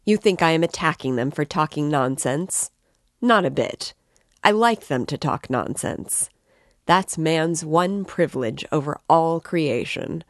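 A woman reading the part of an excitable, tipsy young man who rambles and declaims with passion. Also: low-pitched, measured pace, no room sound, clean studio sound. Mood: impassioned. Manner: impassioned, rambling, emphatic.

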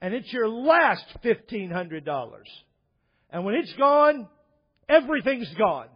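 A man's voice: high voice, very animated, husky, voice pushed up, heavily acted. A man doing a weeping showy TV preacher. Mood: dramatic pleading. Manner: dramatic, halting, drawn-out pleading. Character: fake-weeping flashy male TV preacher, theatrical, pleading. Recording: dull echoey hall recording.

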